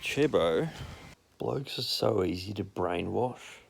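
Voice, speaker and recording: A man's voice: on the low side, animated, slow pace, vocal fry, a little hiss or hum. A young man with an Australian accent telling rambling, profane anecdotes in a blunt, casual way. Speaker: storyteller.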